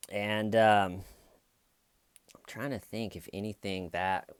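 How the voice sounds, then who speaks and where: Low-voiced man rambling through a story. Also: steady tone, slow pace, clear, resonant tone, no room sound. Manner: rambling, filler-heavy. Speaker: stand-up comedian and vlogger. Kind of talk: casual storytelling vlog.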